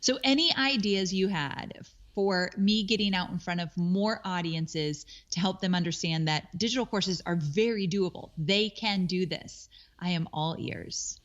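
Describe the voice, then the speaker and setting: A woman's voice: on the low side, a little slow. Appreciative woman guest on dull audio. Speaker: guest, online course creator. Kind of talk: podcast interview.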